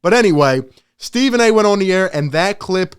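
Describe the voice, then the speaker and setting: A man hosting a sports channel, ranting in emphatic, excitable commentary and laughing often. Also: high-pitched, moderate pace, smooth.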